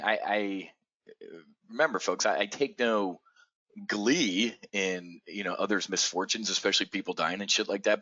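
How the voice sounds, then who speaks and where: A man hosting a live trading stream, talking bluntly and profanely with frequent stammered restarts and excitable outbursts. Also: fairly low pitch, no room sound, muffled recording. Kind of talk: unscripted live stream talk.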